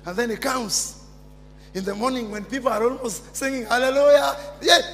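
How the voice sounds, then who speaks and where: A man with a Kenyan accent preaching a fiery sermon, jumping from shouts down to near-whispers. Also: very high-pitched, moderate pace, soft background music. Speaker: pastor. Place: large church hall. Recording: long church reverb.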